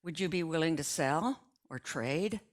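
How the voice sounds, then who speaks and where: A slick young salesman laying on the charm, smooth as syrup, as an older woman reads him. The voice stays low and easy, sliding from charm into formal pitch. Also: lively intonation, a little slow.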